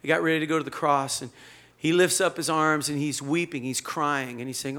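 A male pastor preaching a sermon in a conversational, animated storytelling manner. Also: on the high side, moderate pace.

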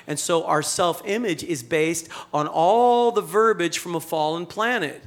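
Animated, joking male preacher. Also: a little high, normal speed, hardly any pauses. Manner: conversational, animated preaching with jokes and rhetorical questions. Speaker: pastor. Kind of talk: sermon.

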